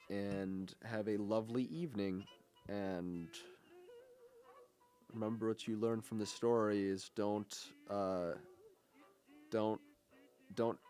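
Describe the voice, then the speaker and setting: A man's voice: on the low side, a little mellow. A young man hosting a college radio show, chatting casually and rambling with lots of fillers and restarts. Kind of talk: casual on-air chat.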